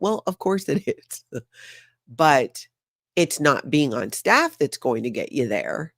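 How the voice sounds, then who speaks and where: A woman's voice: sits low, big pitch swings, slow pace, dry recording. A woman hosts a casual livestream recap, sarcastic and chatty as she talks directly to her viewers. The recording is dry and close, with no room sound around her voice. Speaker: host of a news recap channel.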